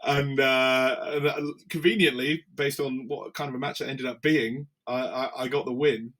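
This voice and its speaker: A man, a wrestler guest on a podcast, telling stories in an animated way and acting out quotes. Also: mid-range voice, moderate pace. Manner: animated storyteller, acts out quotes. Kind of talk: casual interview storytelling.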